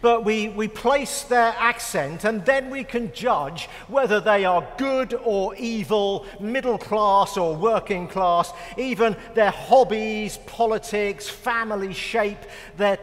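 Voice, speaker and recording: Middle-aged British man, preacher, unhurried delivery, echoey hall sound, dry self-mocking wit. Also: sits high, a bit bright. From United Kingdom. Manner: wry, self-mocking humor. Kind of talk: sermon.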